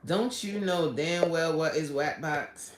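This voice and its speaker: A woman's voice: deep voice, slow pace. A woman hosting a casual live stream, reading chat comments aloud and laughing often. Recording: echoey room.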